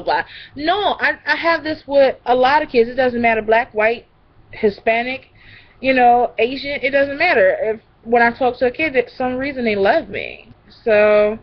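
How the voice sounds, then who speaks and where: A woman's voice: sits high, muffled recording. A young woman telling rambling stories in a casual vlog, drifting from one tangent to the next. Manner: chatty, rambling, goes off on tangents. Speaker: vlogger.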